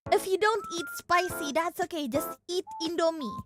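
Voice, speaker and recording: A woman with an Indonesian accent chats casually with her stream viewers. Her voice sits extremely high, and she is excitable, often breaking into playful shouts. Background music plays clearly behind her. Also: normal speed.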